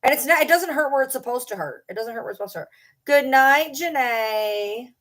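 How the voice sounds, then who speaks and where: A woman's voice: high-pitched, animated, rapid-fire, fairly bright tone, slightly rough. A young adult woman chatting casually on a livestream from home, rambling and joking about herself. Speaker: streamer.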